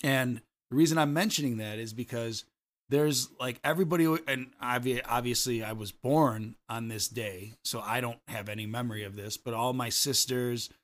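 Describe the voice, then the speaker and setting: Chicago guy cohosting a podcast, jokey animated storyteller. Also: mid-range voice, moderate pace. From Chicago area. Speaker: podcast co-host. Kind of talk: casual chat.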